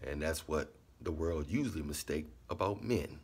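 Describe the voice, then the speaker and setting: Man, low husky voice, relaxed repetitive monologue. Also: normal speed. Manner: laid-back, repetitive, drops into quiet asides. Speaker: vlogger giving life commentary. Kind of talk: casual monologue.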